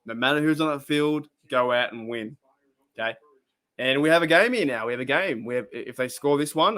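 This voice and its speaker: A man's voice: medium pitch, bright, forceful tone. Chatty Australian man hosting a stream. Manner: rambling, chatty, laughs often. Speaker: live-stream host. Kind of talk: casual live-stream chat.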